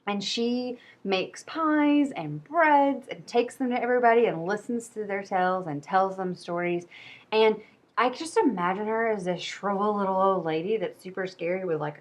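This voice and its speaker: A woman hosting a casual book review video, chatty and rambling, poking fun at herself. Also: lowish voice. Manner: chatty, rambling, self-deprecating. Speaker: book vlogger.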